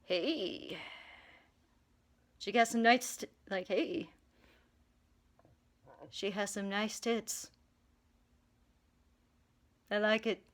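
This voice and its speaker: A woman voicing a naughty, ancient male god who does not care about anything, muttering low, offhand asides with swearing. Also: moderate pace, close to an everyday voice.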